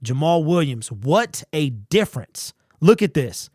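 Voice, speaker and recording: A man's voice: on the high side, sing-song, unhurried, a little mellow, husky, no room sound. Emphatic male sports commentator, dry sound. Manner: emphatic, conversational, repeats key points. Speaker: sports channel host. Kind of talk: opinionated sports commentary monologue.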